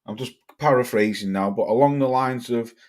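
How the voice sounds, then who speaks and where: A man's voice: mid-range voice, moderate pace. A man from Cheshire, hosting a livestream, reading chat comments and ranting bluntly with plenty of swearing. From Cheshire, England. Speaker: livestream host.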